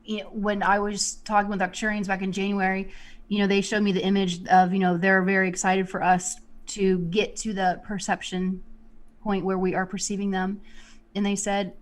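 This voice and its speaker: A woman who works as a psychic medium talks in a loose, rambling way. She leans on "you know" and restarts her sentences often. Her voice sits at an ordinary middle pitch. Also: monotone, moderate pace. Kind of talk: casual spiritual talk.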